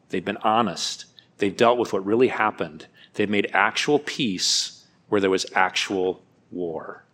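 A man's voice: on the low side, fairly bright tone. A man preaching a sermon, earnest, reading a book passage aloud and stressing his key points.

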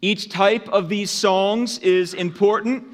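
Slow-speaking pastor in a reverberant church. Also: male voice, high voice, steady tone. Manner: unhurried, conversational preaching with rising emphasis. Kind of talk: sermon. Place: church sanctuary. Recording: long church hall reverb.

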